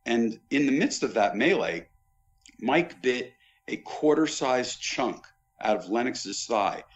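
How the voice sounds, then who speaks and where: A man's voice: mid-range voice, takes it slowly. Male raconteur with a medium voice, casual anecdotal podcast guest, dull recording. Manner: animated raconteur, vivid recollections. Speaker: podcast guest, former boxing pay-per-view executive. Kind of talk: anecdotal storytelling in casual chat.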